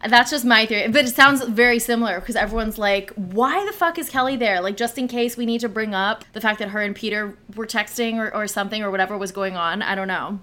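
Young female co-host, animated and skeptical, loose casual chat. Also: mid-range voice, fast, few pauses. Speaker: podcast co-host.

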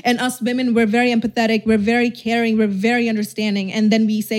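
This young YouTuber talks fast in a slightly high voice with flat delivery while sharing a personal story on her vlog. Her account is candid and rambling, heavy on "like," full of restarts, and laced with casual swearing.

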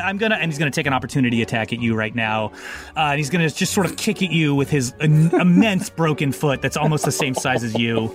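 A man's voice: fairly high pitch, expressive, fast, faint music behind. A man narrating as game master of a tabletop game, loose and rambling with many fillers.

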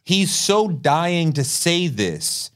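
Male talk show host, eager, laughing a lot, voice bouncing around as he thinks out loud. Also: fairly high pitch, very animated, drawn-out words. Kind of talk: interview chat.

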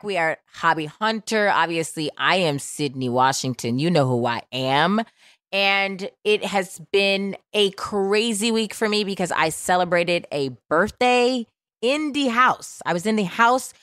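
A woman's voice: mid-range voice, lively intonation, a little slow, a bit bright, no room sound, studio quality. A woman in her thirties hosting a podcast in casual chat, playful and brash, swearing freely. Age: 30s. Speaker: podcast host.

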